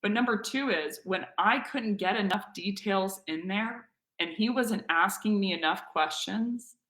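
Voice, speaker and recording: Animated woman host in an echoey room. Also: mid-range voice, measured pace. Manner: energetic, candid, acts out quoted dialogue. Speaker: webinar host. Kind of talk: animated storytelling to a live webinar audience.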